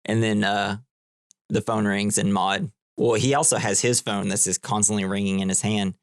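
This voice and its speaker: A man's voice: on the low side, flat delivery, moderate pace, dry recording, clean studio sound. A man co-hosting a casual movie podcast, recapping the plot in a rambling way, full of "like". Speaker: podcast co-host.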